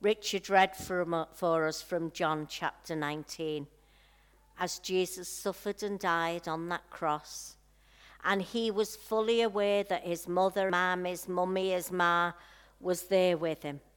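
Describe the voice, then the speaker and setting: A woman preaching a sermon at an unhurried pace, letting her words settle in soft pauses. Her voice is smooth and clear, and she tells a personal story in a heartfelt way. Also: on the low side, fairly even intonation.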